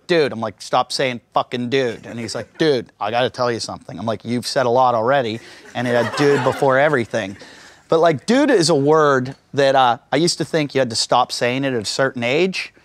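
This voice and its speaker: A man's voice: medium pitch, no echo. A man doing a stand-up comedy set, telling crude stories in a conversational way and acting out the voices of the people in them. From United States.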